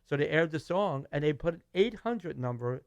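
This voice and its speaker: Middle-aged man, Brooklyn New York accent, lively storyteller acting out the dialogue; slightly raised pitch, dry room. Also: normal speed, clear, resonant tone, no room sound, muffled recording. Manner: animated, acts out quoted dialogue, restarts. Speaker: guest musician. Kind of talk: casual storytelling interview.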